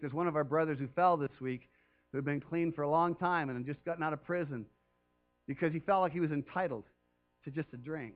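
A man's voice: fairly high pitch, fairly quick, highs cut off, faint music behind. A man preaching a sermon as pastor, talking earnestly and conversationally with emphatic rises.

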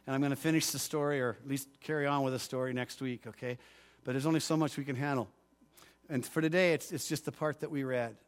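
A man's voice: on the high side, fairly bright tone. A middle-aged man preaching a sermon, earnest and rising into fervent, pleading prayers. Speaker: pastor.

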